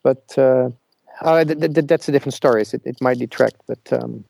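Gravelly, halting male caller. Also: medium pitch, warm tone, no echo. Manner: halting, with many repeated restarts while searching for words. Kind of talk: casual call-in conversation.

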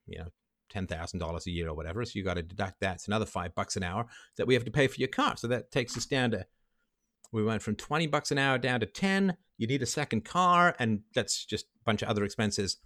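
Hosting a livestream monologue, a man lectures emphatically and walks through numbers one step at a time. His voice is on the low side and slightly bright.

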